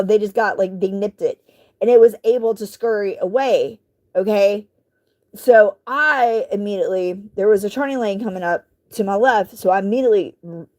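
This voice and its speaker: A woman vlogger telling a story in casual speech. She rambles with lots of fillers and asides and keeps clearing her throat. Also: mid-range voice. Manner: rambling, animated retelling with many fillers and asides.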